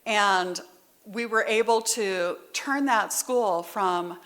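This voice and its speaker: Bright-voiced woman sharing her story. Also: medium pitch, takes it slowly. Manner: candid, conversational storytelling with asides; heartfelt, near tears at times. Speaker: recovery meeting speaker. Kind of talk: personal testimony at a meeting.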